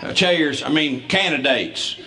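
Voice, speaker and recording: A man telling family stories as a comedian, folksy and quick to laugh. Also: a little high, expressive. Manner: folksy, stumbling restarts, laughing through stories. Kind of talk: stand-up storytelling.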